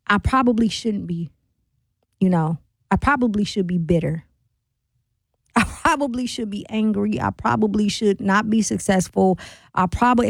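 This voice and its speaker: A woman's voice: a little high, dry recording. A woman hosting a call-in radio show, speaking earnestly and reflectively with a preacher-like, repeating cadence. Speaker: radio talk show host.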